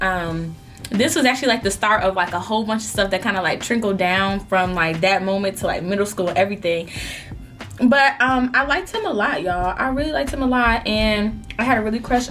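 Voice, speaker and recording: A young woman vlogger telling a story in an animated, melodramatic way while eating, in a casual storytime chat. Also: medium pitch, a little fast, a little hiss or hum.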